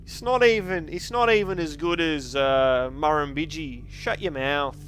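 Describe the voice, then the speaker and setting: A man's voice: a little high, a little slow, fairly bright tone, faint music behind. A man streaming a card game, chatty and joking as he thinks aloud about his choices. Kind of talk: casual game commentary.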